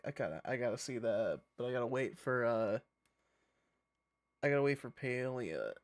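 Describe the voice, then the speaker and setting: A man's voice: medium pitch, animated, moderate pace. A male streamer in casual livestream chat, rambling and profane, often breaking into laughter.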